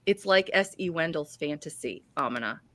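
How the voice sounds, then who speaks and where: A bright, animated woman hosts a casual live-stream book chat, her pitch bouncing all over as she gushes and greets commenters. The sound is dry and close. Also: normal speed, no echo. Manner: gushing, reads out viewer comments.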